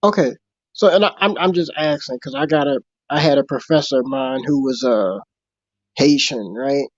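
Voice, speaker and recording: A man's voice: medium pitch, moderate pace, no room sound, muffled recording. A man calling in to a live stream, asking questions hesitantly with lots of fillers. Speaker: caller. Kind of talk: call-in conversation.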